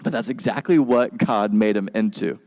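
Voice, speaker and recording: Casual pastor in a reverberant hall. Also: male voice, on the low side. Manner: relaxed and slangy, acts out quick voices for biblical figures. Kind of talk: casual conversational sermon.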